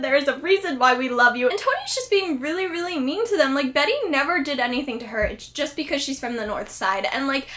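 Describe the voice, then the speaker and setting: High-voiced chatty woman vlogger. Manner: chatty, excitable, lots of "like" and "friggin'". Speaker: TV episode reviewer. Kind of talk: casual vlog recap.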